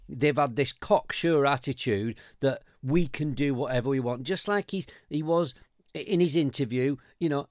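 A man's voice: on the high side, no room sound. Ranting English man, dry close sound. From England. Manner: animated, swearing, frequent restarts and mocking quoted voices. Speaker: podcast co-host. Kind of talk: ranting casual chat.

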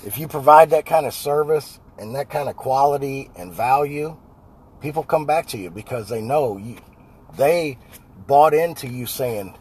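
A man's voice: medium pitch, moderate pace, a little mellow, slight background noise. A man, a house painter giving a blunt, folksy motivational talk about sales. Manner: blunt, folksy, repeats "right?" and "I guarantee". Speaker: house painter and business owner.

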